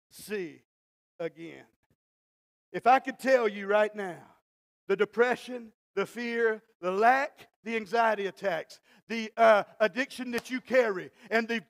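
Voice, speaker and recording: Male preacher, very high and gravelly, folksy, shouts then drops low. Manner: swings from quiet asides to shouted exhortation; folksy, acts out Bible scenes in dialogue. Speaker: pastor. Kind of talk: sermon. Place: church.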